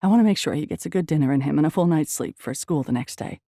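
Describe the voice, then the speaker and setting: A woman narrator voicing a brisk, demanding ex-wife in an audiobook, her tone clipped and unsympathetic. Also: sits low, lively intonation, mellow, no room sound, clean studio sound.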